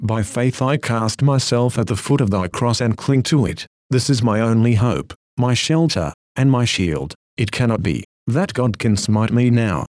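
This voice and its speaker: A man delivering an old-fashioned sermon in a solemn, declamatory way, often slowing for drawn-out rhetorical phrases. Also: mid-range voice, lively intonation, darkish tone, no echo, clean studio sound. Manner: speaks to an imagined listener in old-style phrasing. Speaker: preacher.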